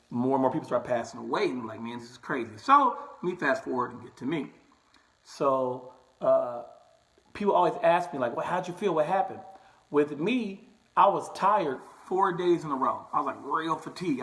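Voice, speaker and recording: A man's voice: a little high, fairly bright tone, poor audio. Chatty man telling a story. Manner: chatty, repeats "right?" and "okay?" often. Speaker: barber and vlogger. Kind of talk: casual storytelling to camera.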